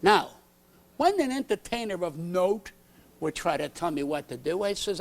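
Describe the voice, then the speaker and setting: A man's voice: sits high, sing-song, normal speed, creaky. An older male comedian on a late-night talk show set, telling aggrieved stories in a brash, blunt way and acting out the exchanges. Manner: brash, aggrieved storytelling, acts out quoted exchanges. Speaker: comedian guest. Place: TV studio set.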